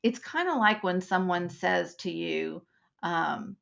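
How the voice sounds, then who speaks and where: A woman's voice: fairly low pitch, slow pace, vocal fry, a bit bright, highs cut off. A woman instructor giving a live webinar lesson, explaining points with acted-out examples.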